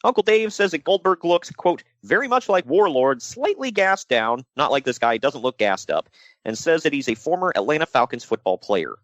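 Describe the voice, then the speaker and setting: Animated man chatting on a podcast. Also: on the high side, moderate pace, dry recording. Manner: jokey, animated, slips into mock voices. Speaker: podcast co-host. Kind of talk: casual podcast chat about wrestling.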